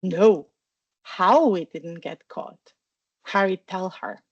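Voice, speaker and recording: A woman's voice: lowish voice, slow, husky, dry recording, muffled recording, full character voice. A woman voicing a cheeky, boastful schoolboy wizard with casual banter in a storybook reading.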